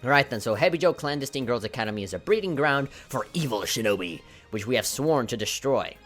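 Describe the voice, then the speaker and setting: A man's voice: mid-range voice, lively intonation, a little fast, fairly bright tone, faint music behind. A man commentating a video game as its host and reading its text aloud, breaking into giggly, apologetic laughing fits. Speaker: let's play host.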